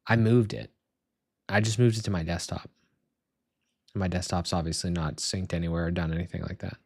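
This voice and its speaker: A young man with a lowish voice streams himself setting up software, muttering and cursing as things go wrong. He talks half to himself and half to his viewers. The sound is dry and close, with no room around it. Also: fairly even intonation, a little fast, gravelly, breathy edge, no room sound. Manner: frustrated muttering, frequent swearing.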